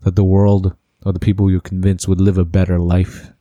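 A man's voice: sits low, completely flat delivery, a little fast, mellow, no room sound. A man interviewing a guest, asking hesitant, stumbling questions and murmuring agreement.

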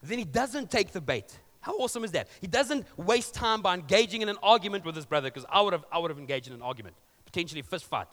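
High-voiced male preacher in a hall. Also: sing-song, fast talker, hardly any pauses, a bit bright. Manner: conversational storytelling with joking asides. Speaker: pastor. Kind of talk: sermon. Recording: long reverb of a large hall.

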